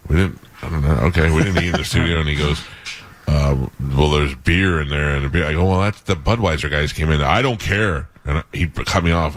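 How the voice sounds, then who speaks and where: A man's voice: a bass voice, no room sound. A middle-aged man hosting a radio morning show, telling a blunt, profane story full of quoted back-and-forth. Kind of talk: casual storytelling chat.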